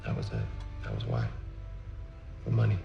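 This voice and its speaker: An actor playing a weary human inventor who earnestly pleads with a robot leader in a film scene. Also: male voice, rumbling low, very animated, moderate pace, creaky, highs cut off, music in the background, full character voice. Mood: earnest pleading. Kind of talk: film dialogue. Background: film score.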